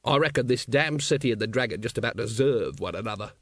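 A weary, bitter guard captain, voiced by a man reading aloud, gruff and glum, with terse replies. His intonation still rises and falls in lively swings, and the sound is dry and close. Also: medium pitch, fast, no echo. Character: weary, bitter middle-aged male city guard captain. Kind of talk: audiobook character voice.

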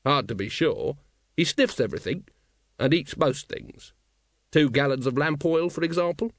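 A man doing a gruff, weary guard captain. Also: on the high side, lively intonation, normal speed, no echo, clean studio sound. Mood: glum. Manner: gruff, glum, terse. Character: weary, bitter middle-aged male city guard captain. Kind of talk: audiobook character voice.

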